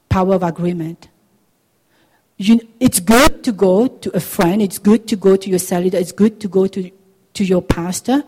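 A woman preaching a sermon, getting animated and loud with emphatic exclamations and acting out the people in her stories. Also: mid-range voice, moderate pace, breathy edge. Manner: acts out quoted voices in her preaching. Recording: long hall reverb.

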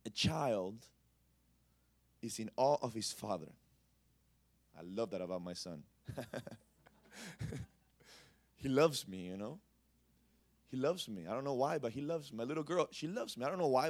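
A man preaching a sermon at a church service, impassioned and conversational, swinging between loud exclamations and soft asides. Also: medium pitch. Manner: conversational, with frequent "you know". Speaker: pastor.

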